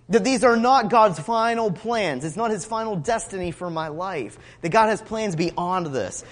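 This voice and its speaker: A man preaching a sermon, expressive, rising to emphatic cries when he quotes scripture. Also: sits high, in a large hall. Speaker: pastor.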